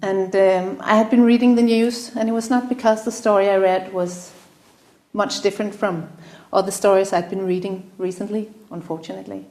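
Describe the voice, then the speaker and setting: A woman giving an earnest, halting opening speech to a live audience, her voice catching with emotion at times. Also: mid-range voice, fairly even intonation, darkish tone. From Denmark. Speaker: event host. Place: room in front of a live audience. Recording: roomy echo.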